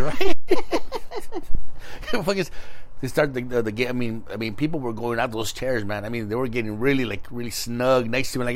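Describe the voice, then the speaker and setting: A man co-hosting a podcast, telling a story in casual, animated chat, laughing often and swearing freely. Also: mid-range voice, fairly quick, slight background noise. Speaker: podcast co-host.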